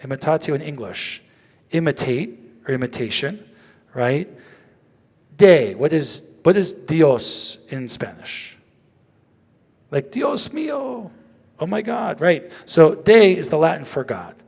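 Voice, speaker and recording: A man teaching as a rabbi, lively and joking as he asks the audience questions. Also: fairly high pitch, takes it slowly, long pauses. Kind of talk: interactive teaching talk. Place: synagogue sanctuary. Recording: long reverb of a large hall.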